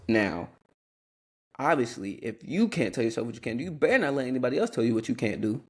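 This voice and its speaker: A man's voice: medium pitch, very animated, fast talker, slightly rough. A young man hosting a Christian podcast, talking earnestly in a rambling, casual way with restarts and asides. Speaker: podcast host.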